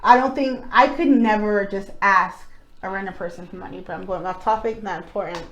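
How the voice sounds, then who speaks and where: A woman's voice: medium pitch, brisk, a bit bright, highs cut off. A young woman co-hosting a casual podcast chat, blunt and rambling, swearing freely. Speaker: podcast co-host.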